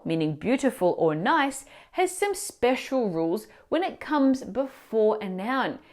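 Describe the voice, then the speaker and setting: A woman teacher explaining grammar mistakes in clear, instructive scripted narration, asking the viewer questions. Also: on the high side, sing-song, unhurried. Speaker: language teacher.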